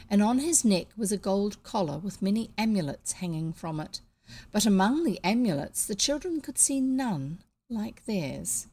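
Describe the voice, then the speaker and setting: A woman with a New Zealand accent reading a children's novel aloud, pausing to fix slips and add casual comments. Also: mid-range voice, warm tone, a little hiss or hum. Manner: unpolished, stops to correct slips and comment. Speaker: audiobook reader.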